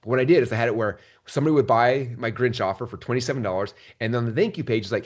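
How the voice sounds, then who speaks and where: A man's voice: mid-range voice, very fast. A man in his forties telling a story in a casual live training session, acting out the voices of the people in it. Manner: animated storytelling, acts out quoted voices. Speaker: business trainer.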